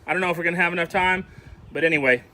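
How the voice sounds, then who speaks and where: Bright-voiced man hosting a cooking vlog. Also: high-pitched, very fast. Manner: chatty, explains each step to the viewer. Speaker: cooking show host. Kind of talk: casual how-to cooking narration.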